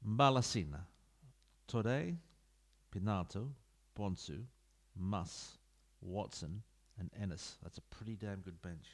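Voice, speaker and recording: Chatty man rambling over a football game. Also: fairly low pitch. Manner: chatty, rambling, self-deprecating asides. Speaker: gaming YouTuber. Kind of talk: casual let's-play commentary. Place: home room. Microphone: desk mic into computer.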